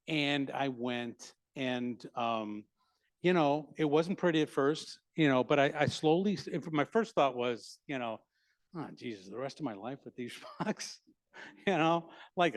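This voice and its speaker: A middle-aged man telling a personal story to an audience, halting with many restarts and self-mocking humor. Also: medium pitch, no room sound. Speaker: speaker at a library talk.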